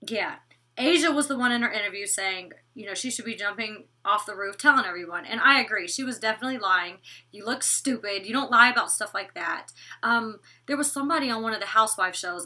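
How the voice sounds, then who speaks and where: A young woman vlogger recapping a reality show in casual chat, blunt and animated, cursing freely. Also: mid-range voice, far from the mic. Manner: blunt, animated, gossipy with swearing. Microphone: desk microphone.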